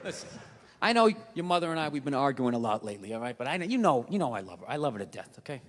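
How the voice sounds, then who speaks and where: A man doing a stand-up comedy set on stage, ranting and profane, swinging between low mutters and shouts, with audience laughter. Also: sing-song, very fast. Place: large theater stage. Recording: live theater, long reverb, audience noise.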